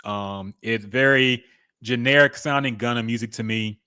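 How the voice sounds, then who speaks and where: A man's voice: medium pitch, moderate pace, bright, forceful tone, clean tone, no room sound, studio quality. A man co-hosting a music podcast, giving laid-back, candid opinions in casual chat. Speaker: podcast co-host.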